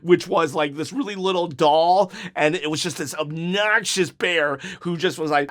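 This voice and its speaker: A middle-aged man answering viewer questions in a casual vlog, earnest and rambling, with animated bursts. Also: fairly high pitch, moderate pace, few pauses. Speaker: wrestling YouTuber.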